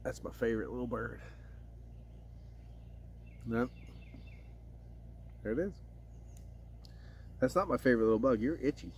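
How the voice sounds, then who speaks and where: A man's voice: mid-range voice, unhurried, pauses often, a little mellow, a little hiss or hum. A man reviewing a beer in a casual vlog, rambling and swearing freely while correcting himself. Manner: rambling, profane, self-correcting.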